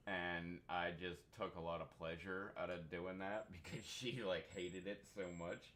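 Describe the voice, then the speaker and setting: Slight background noise sits under this young streamer's low-pitched, measured voice as he plays a game. Chatting casually, he tells rambling, animated stories, cursing freely and frequently breaking into laughter.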